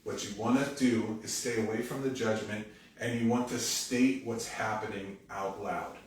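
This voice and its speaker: In an echoey church sanctuary, a pastor with a lowish voice preaches a conversational, animated sermon at a moderate pace, standing far from the mic. He often acts out the quoted lines of other people.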